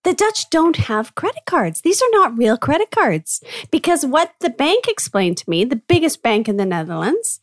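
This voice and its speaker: A woman's voice: high voice, big pitch swings, moderate pace, hardly any pauses, dry recording. A woman from America, hosting a casual podcast chat in a chatty, teasing way and laughing often. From North America. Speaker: podcast host.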